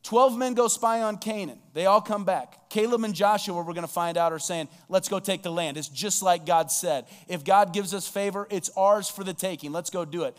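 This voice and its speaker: A man's voice: sits high, moderate pace, hardly any pauses, in a large hall. A man preaching a sermon as pastor, reading scripture aloud and asking the listeners rhetorical questions.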